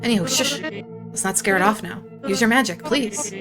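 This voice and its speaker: A woman reading aloud the lines of a calm, insistent forest companion in a game, in a coaxing, gently pushy way, with game music behind. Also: medium pitch, normal speed, natural voice.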